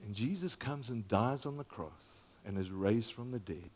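A man in his sixties preaches like he is talking with friends. He pushes hard on some words and drops almost to a whisper on others, the loudness rising and falling all through the sermon. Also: fairly low pitch, moderate pace. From Zambia. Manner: animated and conversational, with dramatic volume swings down to near whispers. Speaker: pastor.

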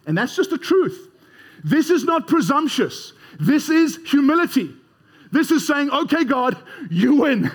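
A man's voice: very high voice, sing-song, unhurried. A man preaching a sermon in a conversational way, leading the congregation in call-and-response. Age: 30s or older.

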